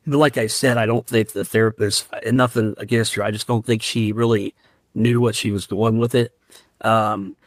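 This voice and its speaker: A man's voice: medium pitch, dry recording. A firefighter and paramedic from Central Ohio, a man, earnestly telling a personal story as a podcast guest. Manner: earnest and heartfelt, emotional while recounting. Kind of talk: candid interview storytelling.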